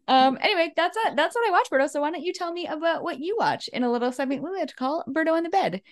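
Upbeat female podcast host, slightly high, very animated pitch, wry and chatty. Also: fast talker. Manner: upbeat, laughs often, wry. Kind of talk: casual chat.

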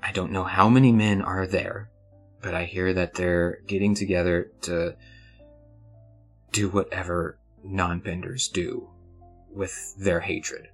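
A man's voice: sits low, level tone, slow pace, breathy edge, faint music behind, heavily acted. Stern gang boss woman, as a man puts her on. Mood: serious. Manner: serious, businesslike, hesitant restarts. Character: stern woman gang leader giving orders.

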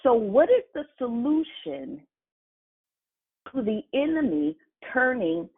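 Woman preacher, slow deliberate delivery, emphatic and repetitive, tinny phone-line sound. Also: high-pitched, big pitch swings, slightly rough. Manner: emphatic, spells out words and repeats phrases. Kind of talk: sermon.

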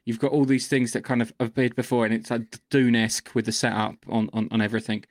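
A man's voice: medium pitch, little pitch movement, fast talker, a little mellow. A man co-hosting a podcast, talking casually and hesitantly with many repeated words and ums. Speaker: podcast co-host. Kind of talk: casual chat.

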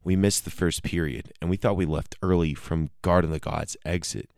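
A man's voice: sits low, steady tone, brisk, gravelly, a little mellow, no room sound, clean studio sound. A young man telling a rambling, profane comic story on his own podcast, often breaking off to joke with listeners. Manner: rambling, self-interrupting, profane. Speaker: solo podcast host. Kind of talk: casual comedic storytelling.

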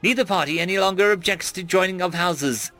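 A man's voice: high voice, brisk, sharp tone, faint music behind, voice pushed up. A man voicing a stern, aloof male alien ambassador who speaks stiffly and formally.

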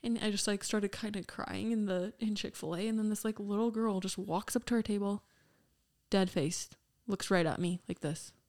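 A woman's voice: medium pitch, normal speed, a little mellow. A young woman co-hosting a podcast, telling a personal story in casual chat, full of fillers. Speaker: podcast co-host.

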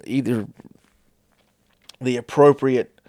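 A man hosting a casual advice talk, with deliberate pauses and playful shifts of tone. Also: medium pitch, fairly even intonation, warm tone, dry recording, studio quality. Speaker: host.

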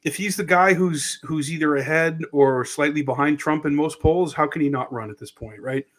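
A man's voice: a little high, normal speed, a bit bright. Rambling casual podcast co-host, a man. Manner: loose and rambling, with many restarts. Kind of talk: casual political chat.

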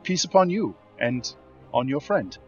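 A man voicing a courteous, calm falconer who speaks in polite, formal phrases. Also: mid-range voice, measured pace, muffled recording, faint music behind.

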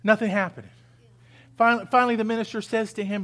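Male pastor, very high voice, sermon, rising intensity, call-and-response. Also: level tone, fast talker, fairly bright tone. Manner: acts out pleading voices.

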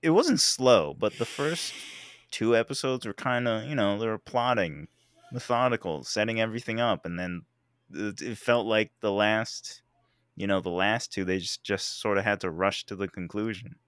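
A man's voice: fairly low pitch, moderate pace, a bit bright, smooth, no room sound, studio quality. A man chatting casually about a show, joking and grumbling playfully. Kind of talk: casual chat.

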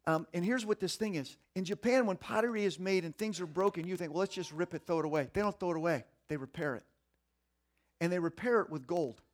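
A man preaches in a casual, streetwise way, talking to the crowd like friends. His voice sits a little high, and he drops to a near hush before climbing back to loud, excited stretches. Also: quick pace. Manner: animated, swinging between hushed and loud; conversational, streetwise, folksy. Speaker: pastor. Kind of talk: sermon.

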